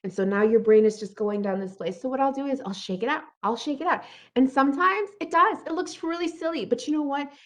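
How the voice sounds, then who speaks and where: A woman giving an earnest motivational talk, who keeps checking in with her listeners by asking "right?" and acts out her inner thoughts in quick bright bursts. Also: sits high. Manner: earnest, encouraging, often asks "right?". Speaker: motivational speaker.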